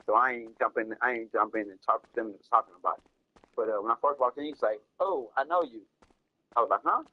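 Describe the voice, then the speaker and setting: A man's voice: mid-range voice, fast talker, no echo, narrow, tinny audio. A man casually telling a long rambling story, repeating himself and cursing, in slangy talk. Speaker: storyteller streaming a game.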